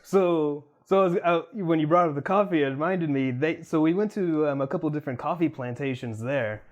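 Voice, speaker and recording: A man co-hosting a podcast, describing a trip in casual chat, halting with many fillers. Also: fairly high pitch, lo-fi sound. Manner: halting, full of ums and likes. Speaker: podcast co-host.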